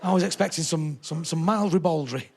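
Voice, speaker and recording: A comedian putting on a prim old lady at a comedy show, tutting and scandalised. She grumbles in a lowered voice with a gravelly edge, and her pitch is still higher than most men's. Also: fairly quick, a little mellow, a little hiss or hum, lightly acted. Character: prim older woman theatregoer, easily shocked.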